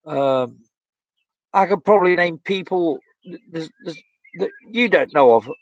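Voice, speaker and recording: A man's voice: sits high, measured pace, no echo. A man hosting a casual live stream, talking bluntly and heatedly with many fillers and restarts while reading viewer comments. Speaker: vlogger reading live chat. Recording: dull lo-fi dry sound.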